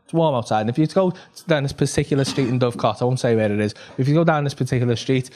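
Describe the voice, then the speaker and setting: A man's voice: medium pitch, very fast, a little hiss or hum. A man doing stand-up, telling a story with lots of swearing and laughter. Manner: animated, swearing, laughs at his own story. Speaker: stand-up comedian. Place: comedy club stage.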